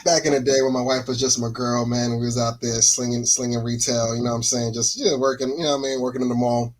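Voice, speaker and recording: A man's voice: medium pitch, little pitch movement, fast talker, poor audio. A man co-hosting a podcast, telling a story in a casual chat, acting out the voices of the people in it and laughing often. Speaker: podcast co-host.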